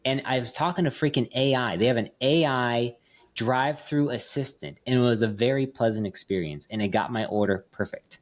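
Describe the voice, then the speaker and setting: A man's voice: mid-range voice, brisk. A man hosting a podcast, telling stories in a chatty way, with many fillers and restarts. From Las Vegas. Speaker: podcast host. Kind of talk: casual chat.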